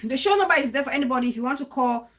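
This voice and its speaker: A lively woman hosts a live-stream talk show and chats through viewer comments. Her voice sits on the high side, with quick laughs and frequent restarts. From Cameroon.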